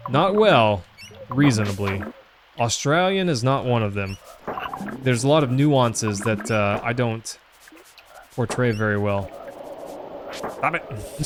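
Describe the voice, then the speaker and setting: Casually chatting with his live-stream audience while playing a retro game, a Southern US man rambles and uses plenty of fillers. He has a mid-range voice, and there's background noise.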